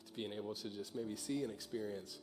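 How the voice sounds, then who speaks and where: A young man speaks as a pastor to a church room through a stage microphone. His voice sits a little low. He talks loosely and jokingly, with many fillers, then moves into prayer. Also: fairly even intonation, a little fast. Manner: casual, joking, full of fillers. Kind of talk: informal sermon and prayer. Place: church auditorium.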